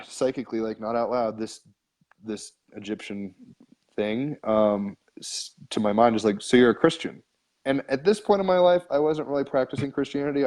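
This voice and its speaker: A man's voice: lowish voice, darkish tone. A man, a podcast guest, telling a long story in a casual, rambling way, full of "like" and casual swearing. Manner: rambling, filler-heavy, frequent "like", casual swearing.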